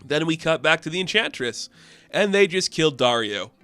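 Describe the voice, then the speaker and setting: A man recapping a comic book issue in a chatty, loose, excitable way. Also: fairly high pitch, moderate pace, clear, resonant tone, no room sound, soft background music. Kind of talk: casual review recap.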